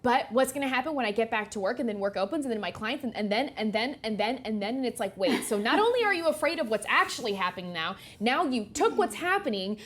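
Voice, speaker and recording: A woman co-hosting a casual podcast, with a slightly higher voice. She is blunt and profane, and she acts out her stories with plenty of energy. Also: fast talker, hardly any pauses. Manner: blunt, profane, animated storyteller. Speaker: podcast co-host.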